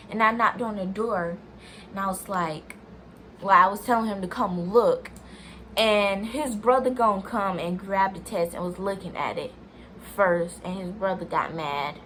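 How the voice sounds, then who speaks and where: A young woman with a medium-pitched, slightly bright voice rambles through a personal story for her viewers, addressing them as "y'all." She fills her speech with "like" and restarts sentences, and some faint background noise can be heard.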